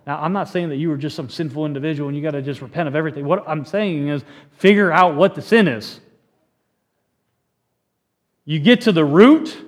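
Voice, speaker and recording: Animated, joking man preaching a sermon. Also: a little high. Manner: animated, joking, many restarts. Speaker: pastor.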